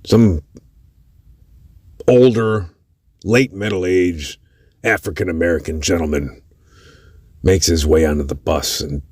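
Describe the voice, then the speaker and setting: A man's voice: sits low, fairly even intonation, takes it slowly, long pauses, darkish tone, breathy edge, no echo, studio quality. A man hosting a podcast, telling a story in a casual, profane way with lots of cursing. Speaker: podcast host.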